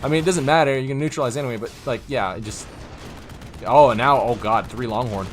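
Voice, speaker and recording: A man's voice: medium pitch, fairly quick, slight background noise. A man casually commentating a strategy game on a live stream, rambling, interrupting himself and chuckling often, with game gunfire behind him.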